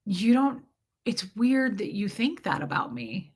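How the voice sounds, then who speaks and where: A woman's voice: mid-range voice, sing-song, measured pace, slightly rough. A woman vlogger casually retelling a personal conversation to her viewers, candid and rambling.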